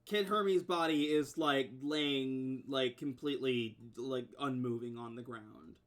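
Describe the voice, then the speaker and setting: A man's voice: mid-range voice, slow pace. A man narrating as game master of a tabletop game, describing scenes in a rambling way full of fillers.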